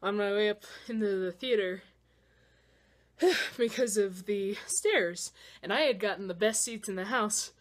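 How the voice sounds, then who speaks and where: A young woman giving a casual, excitable movie reaction rant, swearing freely and swinging between loud outbursts and low mutters, a little winded. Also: a little slow. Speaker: vlogger.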